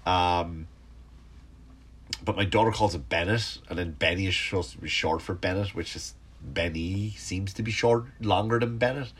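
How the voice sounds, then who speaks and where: A middle-aged man with a slightly low voice, stuffed up and sniffly. He rambles through a casual comic monologue, swearing freely and cutting himself off mid-sentence. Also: normal speed, a bit bright, husky. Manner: rambling, profane, self-interrupting. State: congested, sniffly. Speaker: stand-up comedian hosting a podcast.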